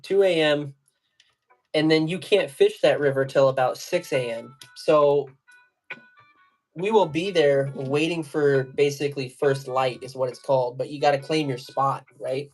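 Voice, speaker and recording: Faint music plays behind a man with a mid-range voice speaking at a measured pace. Tying flies on a livestream, this fly and jig tier chats casually and rambles, laughing through his stories in loose slang crowded with fillers.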